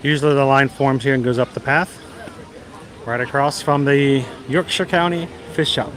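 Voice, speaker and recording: Strolling an outdoor theme park walkway with a busy crowd behind, a man hosts a casual livestream, chatty and meandering with light jokes. He speaks at normal speed in a medium-pitched, fairly bright voice with fairly even intonation.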